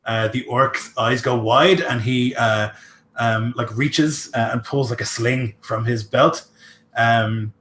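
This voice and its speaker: A man's voice: mid-range voice, steady tone, takes it slowly, fairly bright tone, reverberant, slight background noise. A man running a tabletop game as game master, narrating loosely with many fillers.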